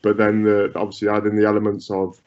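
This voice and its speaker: A man's voice: on the low side, monotone, fast, darkish tone. A man being interviewed as a goalkeeping coach, talking through his ideas with frequent repeats and restarts. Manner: repeats words, many restarts. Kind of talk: conversational interview answers. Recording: muffled lo-fi audio.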